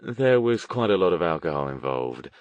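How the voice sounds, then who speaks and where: Brief: wry, grumbling wizard, low and close, the narrator's own register. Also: male voice, normal speed, dry recording, muffled recording. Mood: dry. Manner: dry, muttering, deadpan. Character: dry, reserved male mage, wry and grumbling.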